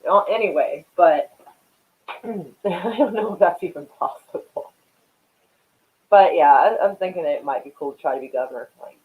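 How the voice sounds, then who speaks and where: Foul-mouthed woman streamer, tinny audio. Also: deep voice. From Oklahoma. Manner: profane, rambling, often laughing at herself. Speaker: livestream host. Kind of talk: casual livestream chat reacting to viewers.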